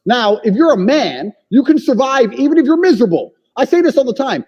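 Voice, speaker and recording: A man speaking high and lively, his voice dark and husky as he hammers home blunt, profane opinions. The sound is dull and lo-fi with a long reverb tail, like a big room. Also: brisk. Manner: forceful, profane, lectures with emphatic claims. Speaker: podcast guest.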